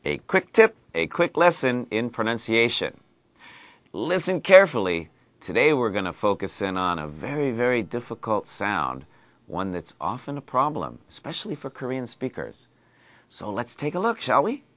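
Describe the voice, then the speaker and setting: A man teaching a pronunciation lesson, clearly drilling sounds and words with deliberate repetition. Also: medium pitch, big pitch swings, fairly bright tone, no echo. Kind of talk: slow, exaggerated pronunciation lesson.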